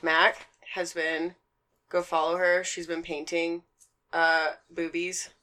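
Young woman podcast cohost, lowish voice, swears a lot, laughs through her stories. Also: takes it slowly. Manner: profane, animated storyteller who laughs often. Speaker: podcast co-host. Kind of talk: casual podcast chat.

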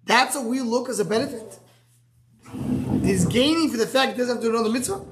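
Halting man teaching a Talmud class. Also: very high-pitched, very noisy. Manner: explains step by step, asks and answers himself; halting, restarts words. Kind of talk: live Gemara class.

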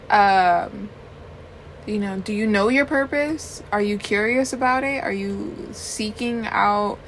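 A woman's voice: medium pitch, fairly bright tone, a little hiss or hum. A woman co-hosting a podcast in casual chat, giggly and affectionate with lots of fillers. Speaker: podcast co-host.

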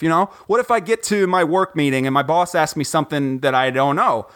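A man from Ohio hosting a podcast from home, chatting casually in an animated, joking, rambling way with lots of fillers. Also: high-pitched. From Ohio, USA. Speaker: podcast host. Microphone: recording from home, guest on the phone.

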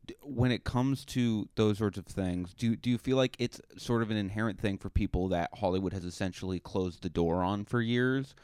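A man's voice: lowish voice, moderate pace, hardly any pauses, darkish tone, smooth, no room sound, studio quality. A young man hosting a casual podcast chat, rambling and restarting his questions, sometimes mimicking voices. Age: young adult. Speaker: podcast host.

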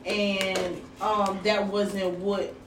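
A woman's voice: medium pitch, little pitch movement, extremely slow. Woman chatting off-mic in an echoey room. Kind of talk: casual group chat. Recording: distant, roomy mic with noise.

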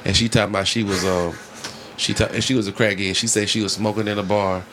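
A man hosting a podcast, telling stories in a profane, animated way and often breaking into laughter. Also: fairly low pitch, fast, a little hiss or hum. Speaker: podcast host. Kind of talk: casual storytelling chat.

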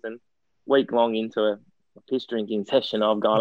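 An Australian former footballer turned coaching director appears as a guest in a casual interview, telling long, rambling, self-deprecating stories with lots of fillers and restarts. His voice is low with little pitch movement at normal speed, recorded with phone-quality sound and no room sound.

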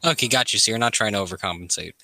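A man's voice: on the low side, rapid-fire, creaky, bright, forceful tone, dry recording. A man co-hosting a casual podcast, crude and joking. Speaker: podcast co-host. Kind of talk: casual chat.

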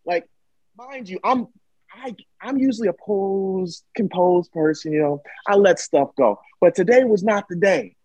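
A man telling a story in casual chat, dramatic and animated, acting out what people said. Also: high voice, measured pace, dry recording, low-quality recording. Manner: animated, dramatic retelling with acted-out quotes. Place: Michigan.

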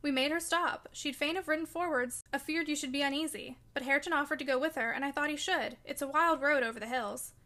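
A blunt, plain-spoken farm servant woman, as a reader puts her on, using homely country words. Her voice is high and bright. She is firm and matter-of-fact with the girl she serves. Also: fast talker, few pauses.

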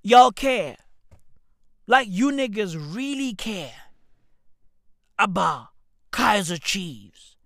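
A man's voice: high voice, big pitch swings, extremely slow, pauses often, fairly bright tone, no echo, clean studio sound. A man, hosting a podcast in a profane, mocking comedic rant full of rhetorical questions. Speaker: podcast host.

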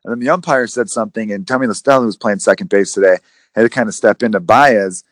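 A man hosting a casual sports podcast, rambling and animated, with some swearing. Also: lowish voice, quick pace, no echo. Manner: rambling, profane, animated retellings. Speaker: podcast host.

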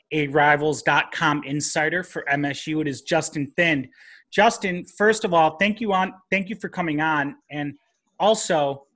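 A man's voice: a little high, pushed and bright. A man hosting a casual podcast, talking loosely with lots of fillers. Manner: loose, rambling, filler-heavy. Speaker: podcast host. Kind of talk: casual chat.

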